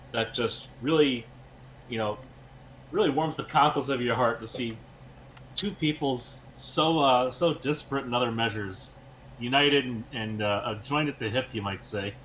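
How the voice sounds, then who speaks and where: A man's voice: medium pitch, normal speed, fairly bright tone, lo-fi sound, slight background noise. A man co-hosting a casual podcast, rambling through dry, ironic asides. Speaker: podcast co-host.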